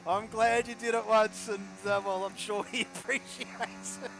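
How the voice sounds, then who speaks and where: Excitable high-voiced male race commentator. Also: measured pace, gravelly, music in the background. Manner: shouts with excitement at big moments, laughs at his own jokes. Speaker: sim racing league commentator.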